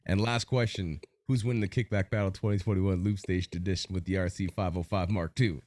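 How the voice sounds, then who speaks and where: A man hosting a podcast interview over a video call, with an energetic, announcer-like delivery. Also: low voice, a little fast. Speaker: podcast host. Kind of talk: hype-style interview hosting.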